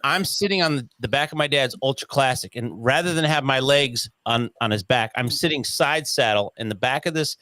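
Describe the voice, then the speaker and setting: Guest slot: man, mid-pitched, casual animated storyteller, swears, very dry close sound. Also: a little fast, hardly any pauses, dry recording. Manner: animated, acts out quoted voices, swears casually. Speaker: interview guest.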